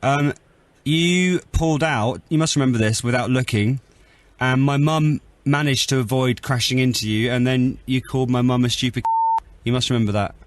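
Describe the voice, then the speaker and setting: A man's voice: mid-range voice, normal speed. A male radio host telling a cheeky story in studio chat, with a mock-tough streak. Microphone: studio microphone.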